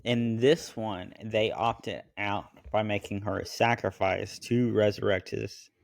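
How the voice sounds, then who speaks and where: A man's voice: fairly low pitch, fairly even intonation, measured pace, creaky, dry recording. A man co-hosting a casual movie review chat, dry and skeptical, often contradicting his co-host. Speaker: podcast co-host.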